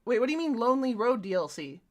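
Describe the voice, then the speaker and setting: A young woman streaming herself playing a video game, excitable and swearing freely as she talks to the enemies on screen. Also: fairly high pitch, fast talker. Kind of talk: casual gameplay commentary.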